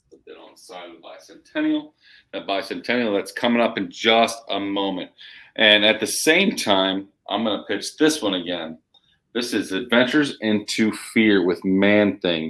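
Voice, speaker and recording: A man co-hosting a live shopping show, pitching comic books with hyped, emphatic salesman patter. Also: a bit bright. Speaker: co-host selling comics.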